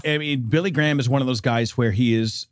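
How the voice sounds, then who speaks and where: A man guesting on a podcast in casual chat, wry and outspoken in a measured way. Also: medium pitch, no room sound, studio quality.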